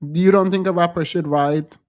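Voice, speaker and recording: A man's voice: high voice, fairly even intonation, normal speed, darkish tone. A man co-hosting a podcast, pressing his co-host with teasing, probing questions in casual chat.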